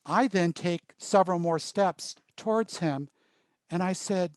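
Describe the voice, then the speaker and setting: A man leading a workshop, telling stories in short, paused phrases. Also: high-pitched, no room sound. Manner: storytelling, pausing in short phrases. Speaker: workshop trainer. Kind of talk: workshop presentation.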